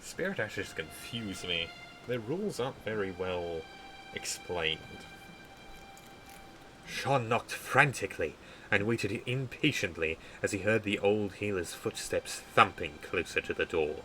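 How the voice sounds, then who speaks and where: A tired man streaming a game live, reading a story draft aloud in a measured way and stumbling over words. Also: on the low side, lively intonation, sharp tone, faint music behind, low-quality recording.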